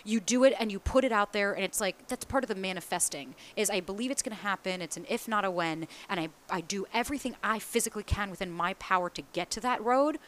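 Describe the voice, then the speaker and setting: A woman's voice: mid-range voice, quick pace, hardly any pauses, a bit bright. A woman from the US East Coast in casual conversation, speaking candidly and animatedly, swearing freely and acting out the voices of people she quotes. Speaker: small business founder.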